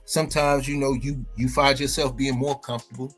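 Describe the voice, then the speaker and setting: A man's voice: medium pitch, flat delivery, a little fast, fairly bright tone, breathy edge. Laid-back man chatting, music faintly behind. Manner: laid-back, many fillers and laughs. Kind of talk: casual chat.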